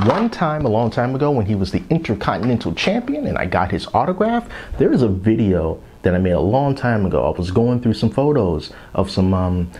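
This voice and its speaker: Casting: man, thirties, lower voice, very lively rambling toy-review chatter, some whispered asides. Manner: chatty, rambling, drops into whispers so as not to wake his kids. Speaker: toy collector vlogger.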